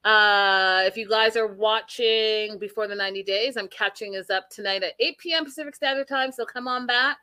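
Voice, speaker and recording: A woman's voice: medium pitch, normal speed, hardly any pauses, pushed and bright, clear, resonant tone, no room sound. A woman from Canada hosting a casual reality TV recap, chatty and teasing her co-host. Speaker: podcast host.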